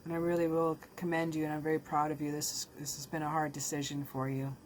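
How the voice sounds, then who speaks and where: Low, flat-voiced woman reading tarot. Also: fast, slight background noise. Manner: casual, emotional, talks straight to the viewer. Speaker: tarot reader.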